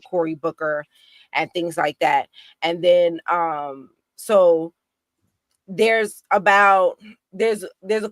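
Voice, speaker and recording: A woman talking in a casual political discussion, animated and indignant, with many restarts. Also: low voice, dry recording, studio quality. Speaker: guest activist.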